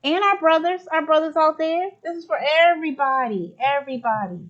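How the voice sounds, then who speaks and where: A woman's voice: high-pitched, brisk, lo-fi sound. A woman from the United States hosting a spiritual talk show, effusive and exclaiming as she affirms her guests. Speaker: podcast host.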